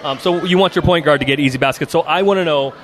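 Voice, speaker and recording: A man co-hosting a sports podcast, giving measured, analytical commentary. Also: on the high side. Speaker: podcast co-host. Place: arena after a game.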